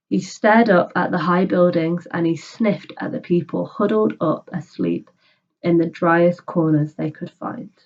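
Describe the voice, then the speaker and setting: A woman's voice: on the low side, dull audio. A woman teacher reading a children's book aloud and patiently explaining it in simple words.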